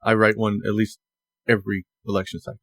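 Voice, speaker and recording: A man with a fairly low voice co-hosts a casual podcast, chatting easily with his partner. He talks in a loose, conversational way, often restarting his sentences. The sound is dry and close to the mic. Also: little pitch movement, fast, a bit bright, no room sound. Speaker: podcast co-host.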